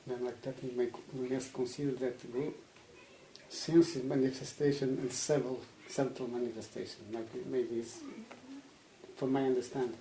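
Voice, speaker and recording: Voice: mid-range voice, little pitch movement, warm tone. Hesitant satsang questioner in an echoey room. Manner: hesitant, halting, restarts words. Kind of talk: casual spoken questions. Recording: echoey room with clear background noise.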